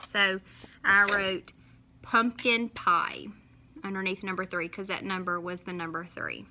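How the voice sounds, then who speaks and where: A woman teacher, talking young children through a lesson in a slow, sing-song way and stretching out each syllable when she counts. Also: medium pitch, lively intonation, pushed and bright, slight background noise.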